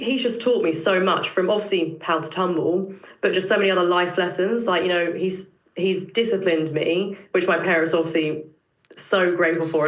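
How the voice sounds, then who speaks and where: A woman's voice: lowish voice, a bit bright. Chatty young British woman, roomy sound. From Britain. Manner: chatty, many fillers and restarts. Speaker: podcast guest, tumbler. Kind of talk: casual interview chat.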